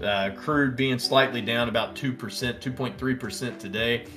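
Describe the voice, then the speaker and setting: A man with a Southern American accent hosting a casual live stock-trading stream, reading out ticker prices and answering viewers' chat with bursts of excitement. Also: medium pitch, normal speed, music in the background. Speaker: stock trading livestream host. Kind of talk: casual live market commentary.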